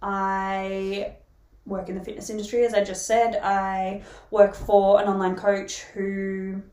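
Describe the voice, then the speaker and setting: A woman in her thirties with an Australian accent chats casually as a podcast co-host. She laughs easily, corrects herself as she goes, and her middle-pitched voice sits in a roomy, echoey space. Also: flat delivery, slow, darkish tone. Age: 30s. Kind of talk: casual chat. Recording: roomy echo.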